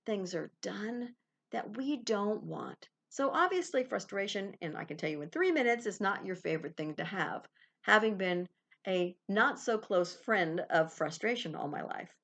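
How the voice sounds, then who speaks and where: A woman's voice: mid-range voice, a little slow, vocal fry. Woman giving a chatty self-help talk. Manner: animated, laughs often, acts out little quoted exchanges. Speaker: podcast host.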